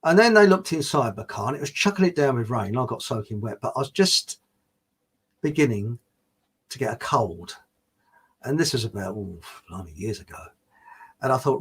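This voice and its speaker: A man's voice: mid-range voice, very animated, moderate pace, husky. A man hosting a livestream, chatting casually and rambling through anecdotes and viewer comments with plenty of fillers and restarts.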